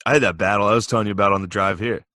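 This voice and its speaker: Low-voiced man riffing. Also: very fast, dry recording. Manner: wisecracking, riffing on jokes with a deadpan tone. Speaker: podcast co-host. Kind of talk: casual banter.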